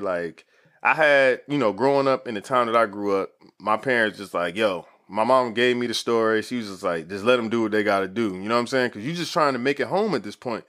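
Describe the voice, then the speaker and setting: A man's voice: medium pitch, a bit bright. A man in his thirties telling a story in casual, slangy talk full of "like" fillers. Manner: laid-back, slangy, lots of "like" fillers.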